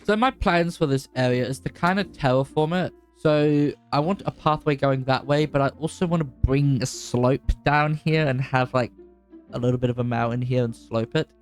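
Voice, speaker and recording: A young man giving casual, chatty commentary over his gameplay, his voice jumping high when excited. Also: moderate pace. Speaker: gaming YouTuber. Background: faint background music.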